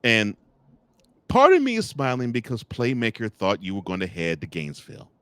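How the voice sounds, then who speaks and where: A man's voice: fairly low pitch, moderate pace, no room sound. A man hosting a college football talk segment, joking and speaking straight to the coaches and officials he discusses. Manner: animated, joking, talks straight to the people he discusses. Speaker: sports talk host.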